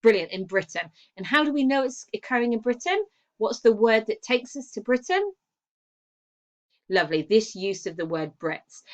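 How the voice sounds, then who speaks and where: A woman English teacher giving a recorded lesson. She explains step by step, asks the class questions and praises their answers. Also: mid-range voice.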